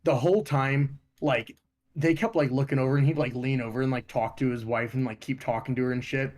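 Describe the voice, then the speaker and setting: A young man from Ohio co-hosting a podcast, telling stories in a profane, animated way. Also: mid-range voice, a little fast. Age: young adult. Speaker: podcast co-host. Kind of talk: casual chat.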